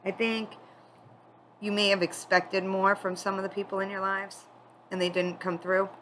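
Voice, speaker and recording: A woman giving a spiritual tarot reading, tearful and crying as she talks in a candid, halting, confiding way. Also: medium pitch, level tone, fairly bright tone, a little hiss or hum, low-quality recording. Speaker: tarot reader.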